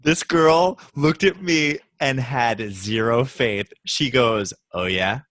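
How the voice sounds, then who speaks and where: A young man co-hosting a podcast, telling jokey stories in a casual, animated way. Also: takes it slowly, no room sound. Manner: animated, jokey storyteller with big pitch swings. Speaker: podcast co-host. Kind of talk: casual storytelling chat.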